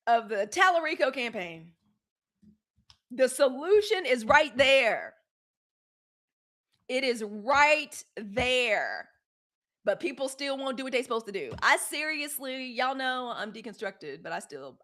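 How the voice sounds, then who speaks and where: A woman's voice: sits high, sing-song, normal speed, a bit bright. A woman hosting a live news show, talking casually and bluntly to her chat viewers, with frequent profanity. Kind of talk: casual live-stream commentary.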